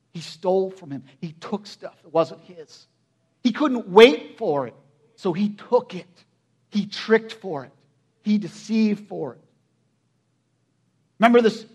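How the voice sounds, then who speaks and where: A man with a very high voice preaches a sermon. He tells the story with animated asides and rhetorical questions, slipping into voices for the people in it.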